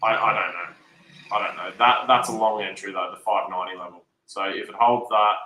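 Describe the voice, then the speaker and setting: Annoyed trader guy swearing his way thru charts, lowish bright voice, echoey room. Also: fairly even intonation, moderate pace, slight background noise. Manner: swears often, rambling and frustrated. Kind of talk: casual unscripted market commentary.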